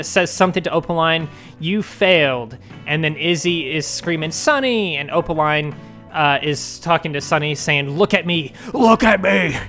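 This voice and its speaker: A man's voice: a little high, bright, forceful tone. A man hosting a casual fan news video, talking in a rambling, speculative way with plenty of ums and likes. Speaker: fandom news video host.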